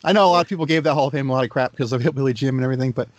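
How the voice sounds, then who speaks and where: A man's voice: medium pitch, very fast, no room sound. A man co-hosting a casual podcast chat, teasing and wry. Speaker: podcast co-host.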